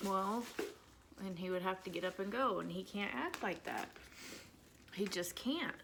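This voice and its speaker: A woman's voice: medium pitch, expressive, a little slow, vocal fry, noisy background. A woman, chatting candidly as she does her makeup at home and venting about her son. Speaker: vlogger, mother of an autistic son. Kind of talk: casual makeup vlog chat.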